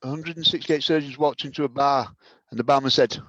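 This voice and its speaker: A man's voice: medium pitch, steady tone, brisk, fairly bright tone, no echo. A man telling short improvised bar jokes in a dry, offhand way. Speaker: improv performer. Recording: dull lo-fi audio.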